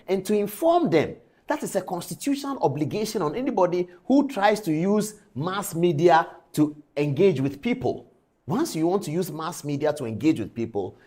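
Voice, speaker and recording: A man's voice: high voice, a little mellow. A man speaking as a TV news presenter, delivering impassioned on-air commentary full of indignant, lecturing rhetorical questions.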